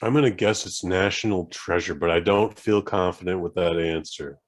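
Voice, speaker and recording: Easygoing low-voiced male podcast co-host. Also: moderate pace. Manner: easygoing, joking, self-deprecating. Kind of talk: casual chat.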